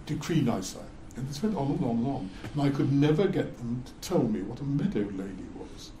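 An older man spins wry, amused anecdotes from his working life, with a mellow, warm tone. The voice sits at an everyday pitch. The sound is roomy and echoey. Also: expressive, fairly quick, slight background noise. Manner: wry, amused, chuckles through his stories. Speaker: guest speaker, former defence lawyer. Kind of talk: anecdotal storytelling. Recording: roomy echo.

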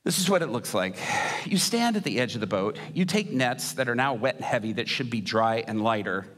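A man voicing a gruff, weary fisherman with sarcastic, exaggerated storytelling. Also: mid-range voice, lively intonation, fairly quick, a bit bright, in a large hall, pitched below the performer's own voice. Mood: skeptical. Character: gruff weary fisherman, skeptical then astonished.

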